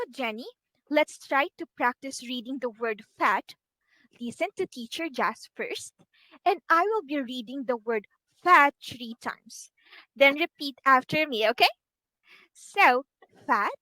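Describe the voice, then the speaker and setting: A woman teacher with a Filipino English accent, giving a slow, encouraging online phonics lesson to a child and modelling each sound for her. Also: high-pitched, pushed and bright, dry recording, rough recording.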